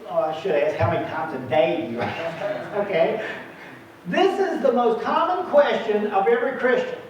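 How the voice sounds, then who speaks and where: A man's voice: high-pitched, animated, normal speed, slight background noise. A man preaching a sermon, full of feeling, acting out the voices of biblical figures and chuckling at his own asides. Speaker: pastor. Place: church sanctuary. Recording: distant, echoey, muffled room recording.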